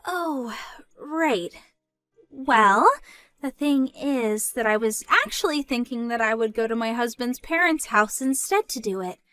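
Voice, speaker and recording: A young woman voicing a polite, gentle pregnant younger sister in a scripted story dub. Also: on the high side, expressive, a little slow, dry recording, faint music behind.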